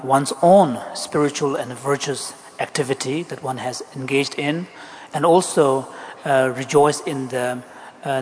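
A man interpreting a Buddhist teaching, hesitant, with many ums and uhs. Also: mid-range voice. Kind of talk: interpreting a dharma talk. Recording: long hall reverb, faint noise.

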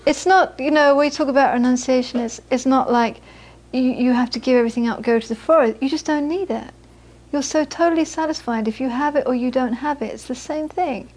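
A woman gives a relaxed Buddhist teaching in a high, light voice. She tells her stories in a chatty way, often restarting and repeating words. She sounds middle-aged. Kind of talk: informal dharma talk with anecdotes.

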